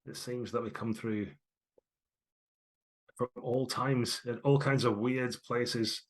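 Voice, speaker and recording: A man's voice: steady tone, slow pace. A man voicing a brash, proud woman blacksmith who talks bluntly and teases. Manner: blunt, teasing, raised pitch.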